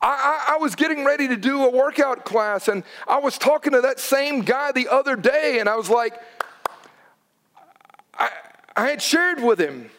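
High-voiced pastor preaching urgently. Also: male voice, fairly bright tone. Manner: storytelling with acted quotes, urgent emphasis. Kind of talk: sermon.

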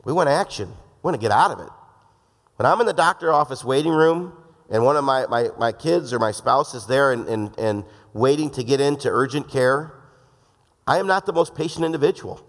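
A man's voice: mid-range voice, lively intonation, brisk. A man preaching a sermon in a casual, joking way, acting out the voices he quotes. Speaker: pastor. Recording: long hall reverb.

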